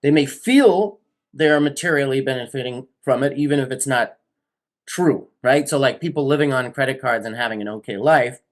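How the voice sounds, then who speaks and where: A man's voice: medium pitch, moderate pace. A man co-hosting a podcast, thinking aloud in a casual political discussion, stringing loose clauses together and ending with questions.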